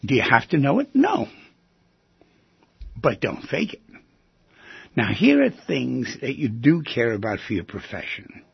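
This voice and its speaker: A man with a gravelly, very husky voice hosts a radio call-in show, pressing listeners with one question after another. He teases and jumps to sudden loud bursts. The sound is dry and somewhat dull. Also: medium pitch, very animated, unhurried, long pauses, no echo. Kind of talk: talk radio monologue.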